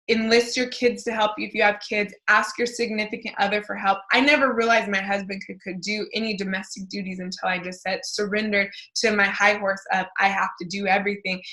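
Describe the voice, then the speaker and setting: A woman's voice: medium pitch, pushed and bright, low-quality recording. A woman in her thirties giving a casual motivational talk as a life coach, chatty with many fillers and restarts.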